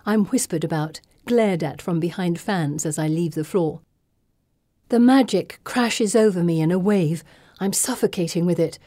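A woman reading a first-person novel with measured, dramatic narration. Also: lowish voice, dark tone, no room sound. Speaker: audiobook narrator.

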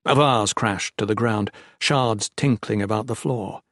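A man narrating an audiobook in a measured, descriptive way. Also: lowish voice, fairly bright tone, dry recording, studio quality.

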